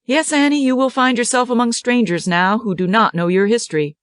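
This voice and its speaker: A woman reading the part of a kindly older male school director who counsels and teases gently. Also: fairly high pitch, steady tone, a little fast, no echo, studio quality, voice pushed up, lightly acted. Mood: gentle. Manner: gentle, counseling, lightly teasing.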